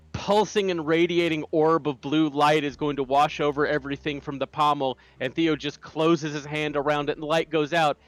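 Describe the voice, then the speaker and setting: A man playing a tabletop game, describing his character's spell in halting, filler-heavy bursts that turn vivid. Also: a little high. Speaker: player.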